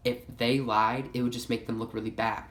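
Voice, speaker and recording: A man's voice: mid-range voice, little pitch movement, brisk, a bit bright. A young man in his late teens telling a casual storytime vlog, rambling and saying "like" constantly. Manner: rambling, heavy use of "like". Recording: echoey room.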